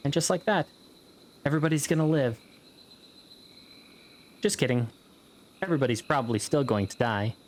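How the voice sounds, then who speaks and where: A man's voice: mid-range voice, expressive, normal speed, long pauses, a little mellow, slight background noise. A man giving casual, rambling gameplay commentary, joking around and swearing freely as he plays. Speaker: gameplay video host.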